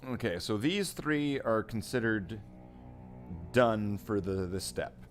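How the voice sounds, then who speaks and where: Low-voiced rambling man hobby streamer. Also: lively intonation, slow, soft background music. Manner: rambling, joking, thinks aloud. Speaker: miniature painting streamer. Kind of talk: casual hobby stream chat.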